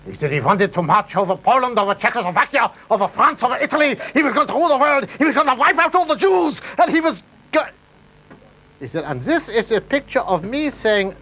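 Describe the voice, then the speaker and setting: A man's voice: very high-pitched, sing-song, fast, bright, forceful tone. A man hosting a piano party and telling gags, with "he said" after nearly every phrase. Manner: storyteller, keeps repeating "he said". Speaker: host. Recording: dull late-80s recording with faint room noise.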